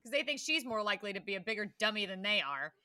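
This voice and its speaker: A woman co-hosting a casual movie review podcast, giggly and animated when retelling scenes. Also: medium pitch, fast, dry recording, studio quality. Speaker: podcast co-host.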